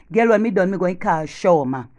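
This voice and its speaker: A woman with a Jamaican accent doing a comic one-sided phone call, gossiping animatedly and swinging between loud boasts and hushed whispers. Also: lowish voice, lively intonation, unhurried.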